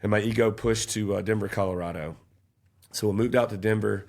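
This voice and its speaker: Gravelly man, earnest storyteller. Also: lowish voice, fairly even intonation, brisk, a little mellow. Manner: earnest, gets worked up retelling events. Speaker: podcast guest. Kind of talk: casual storytelling.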